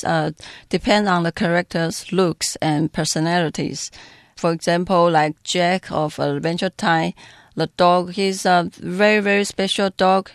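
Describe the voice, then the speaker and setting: A dubbing director answers interview questions slowly and haltingly, filling gaps with hesitations. The voice has a gravelly edge at a middle pitch. The sound is dry and close, with little room in it. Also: no echo. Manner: hesitant, halting with many fillers.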